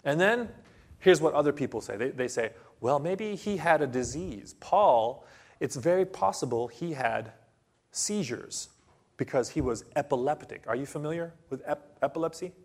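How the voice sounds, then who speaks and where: A man preaching a sermon to a congregation, telling a story slowly and dramatically with sudden loud bursts. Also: fairly high pitch, animated.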